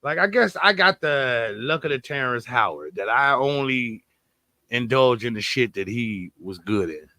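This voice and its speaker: A young man riffing on a podcast, animated and profane, with sudden loud bursts and low mutters. His voice sits in a middle register, and the sound is dry and close. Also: a little slow, no room sound. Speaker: podcast co-host. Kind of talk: casual podcast banter.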